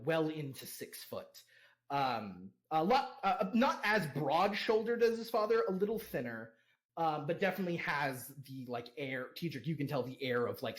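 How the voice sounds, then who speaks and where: Halting, chatty man playing a tabletop game. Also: fairly high pitch. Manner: halting, filler-heavy, laughs often. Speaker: tabletop role-play player. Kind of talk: casual in-character narration with many fillers.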